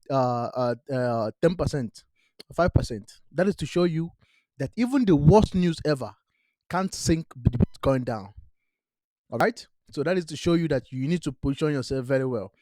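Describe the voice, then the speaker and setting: In a dry recording, a crypto channel host speaks straight to viewers about investing, pressing his points repeatedly and often asking "all right?" in non-native grammar. His voice is a little high and a little mellow.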